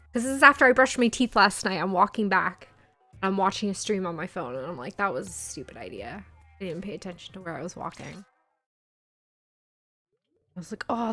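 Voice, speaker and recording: A young woman streamer with a medium-pitched, slightly bright voice tells a story during a casual live chat. Her storytelling is chatty and packed with "like" as a filler.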